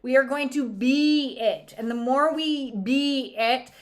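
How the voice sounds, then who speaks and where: A woman oracle reader talks in a chatty, irreverent spiritual monologue, her voice sitting a bit high. She keeps it loose, full of fillers and wry asides. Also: slow.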